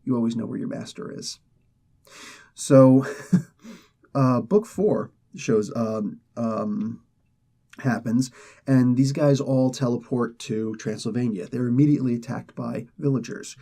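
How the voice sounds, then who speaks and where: Husky, mellow-voiced male comic reviewer. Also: mid-range voice, a little slow. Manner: excitable storyteller, many fillers and restarts. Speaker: comic book reviewer, host. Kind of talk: casual plot recap.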